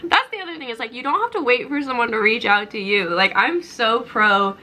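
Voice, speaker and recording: Bright-voiced young woman vlogging casually. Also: fairly high pitch, lively intonation, fairly quick, a little hiss or hum, rough recording. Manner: chatty and self-deprecating, rambling with fillers and laughs. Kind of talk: casual vlog chat to camera. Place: home kitchen and bedroom.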